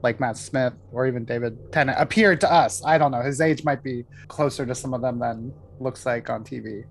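A man in a casual chat, rambling and filling pauses with fillers. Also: mid-range voice, gravelly, a little hiss or hum.

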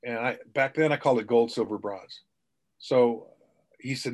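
A man's voice: medium pitch, normal speed. A middle-aged man, a sales trainer, telling anecdotes in a podcast interview and acting out the quotes.

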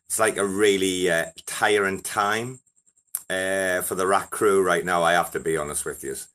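A man's voice: low voice, unhurried. Rambling, foul-mouthed man hosting. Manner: rambling, heavily profane, excitable banter. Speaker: host of a crypto breakfast show. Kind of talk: casual live audio chat.

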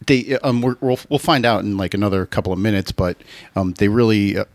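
A man hosting a casual podcast chat about a film, explaining points with halting fillers. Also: lowish voice, steady tone, no room sound. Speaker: podcast host.

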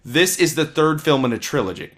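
A man's voice: fairly high pitch, lively intonation, fairly quick, a bit bright. A man co-hosting a casual podcast, rambling and opinionated as he reviews films, swearing freely. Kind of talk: casual chat.

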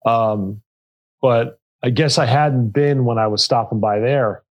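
A man's voice: mid-range voice, measured pace, rough recording. Earnest man telling a candid story. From Pennsylvania. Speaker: nonprofit co-founder and CEO. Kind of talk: podcast interview.

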